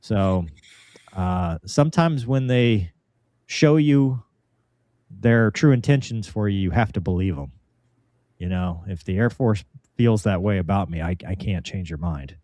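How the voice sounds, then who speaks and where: A man co-hosting a casual live talk show, reading viewer comments and reflecting in a halting way with frequent restarts. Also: deep voice, warm tone, dry recording. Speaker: co-host reading viewer chat.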